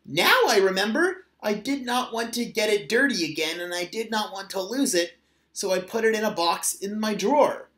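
A man reading aloud and voicing an excitable young male otter cub who shouts eagerly, in a roomy echo. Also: high-pitched, moderate pace, voice pushed up.

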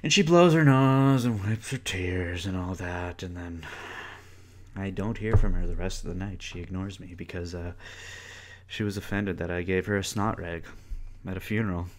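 Rambling profane young podcast host. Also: male voice, deep voice, normal speed. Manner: rambling, profane, animated storytelling. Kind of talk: casual solo podcast rant. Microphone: close podcast mic.

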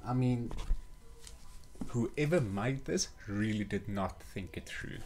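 A man's voice: on the low side, expressive, slow pace, pauses often, a little mellow, a little hiss or hum. A young man reviewing a toy kit in a casual vlog, muttering and sighing with exasperation as he paints.

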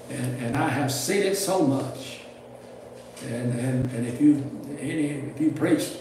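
A man's voice: fairly high pitch, darkish tone, slight background noise. An older man, teaching preachers in a folksy, rambling sermon style with restarts and chuckles. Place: church classroom. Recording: roomy, distant mic with faint ambience.

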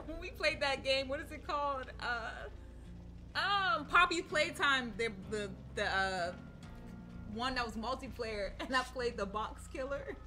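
A woman hosting a gaming stream, laughing a lot and shouting when things go wrong. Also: high voice, lively intonation, measured pace, faint music behind. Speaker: streamer host. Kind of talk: casual gaming chat.

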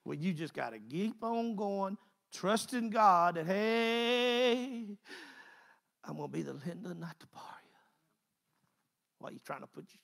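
A man's voice: high voice, expressive, a little slow, gravelly, long pauses, a bit bright. A man preaching a conversational sermon, folksy and repeating phrases in driving bursts.

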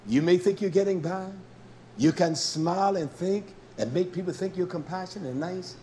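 A man preaching a fiery, scolding sermon, dropping to low mutters and then climbing to loud, pressing exhortation. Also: moderate pace, slight background noise. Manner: blunt, scolding, with mild cursing.

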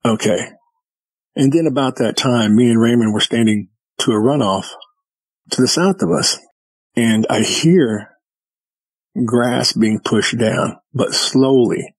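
A man's voice: mid-range voice, unhurried, slightly rough, dry recording, low-quality recording. A man, a guest, casually telling a story in vivid detail and acting out what people said. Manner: vivid retelling with quoted dialogue.

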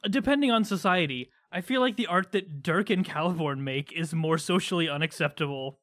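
A podcast co-host chatting casually, playful and quick to joke. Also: mid-range voice, fairly bright tone.

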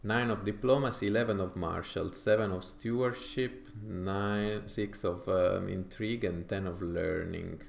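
A man's voice: deep voice, steady tone, a little slow, vocal fry, few pauses, roomy sound. A man from Italy with an Italian accent, thinking aloud with frequent fillers as he comments on his strategy game playthrough. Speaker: gaming YouTuber.

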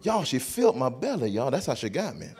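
Animated Southern comedian, lively pitch. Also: male voice, fast talker. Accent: Southern American. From North Carolina, USA. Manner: animated storytelling, laughing, bursts of shouting. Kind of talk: stand-up comedy.

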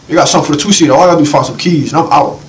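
A young man giving casual, slangy let's-play commentary, reacting to the game with quick excited exclamations. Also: on the high side, far from the mic, low-quality recording. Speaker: gaming channel host. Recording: voice a bit off-mic with faint noise.

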